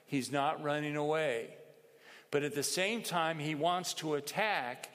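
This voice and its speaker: A male preacher delivers a measured sermon, unhurried and slow. His voice sits a little high. Long hall reverb trails after his words. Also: fairly bright tone. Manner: measured, explanatory, with pauses and asides.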